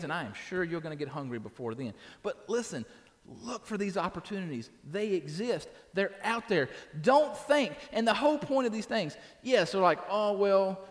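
A long reverb tail follows the high voice of a man preaching in a church sanctuary. The pastor keeps a conversational tone and checks in regularly with "right?".

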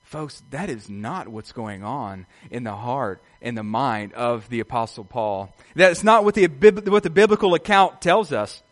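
A man's voice: medium pitch, animated, a little slow, few pauses. A man preaching a sermon, his voice climbing and falling sharply in volume as he asks his listeners questions. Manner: rises and drops sharply in loudness, asks the congregation questions. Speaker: pastor. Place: outdoors.

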